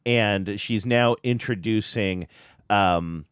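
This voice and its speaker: A man's voice: fairly low pitch, takes it slowly, clear, resonant tone, dry recording, clean studio sound. A man hosting a podcast in casual chat, easygoing and affirming, with light jokes. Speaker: podcast host.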